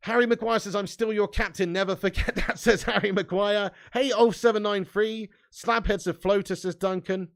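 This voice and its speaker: This is a young man hosting a live stream. He is reading viewer comments aloud. His voice is gravelly and sits a little high. His delivery is loose and laddish, with laughs and the odd swear word. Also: fairly even intonation, normal speed, few pauses. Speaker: fan channel host reading live chat. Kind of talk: casual live-stream chat.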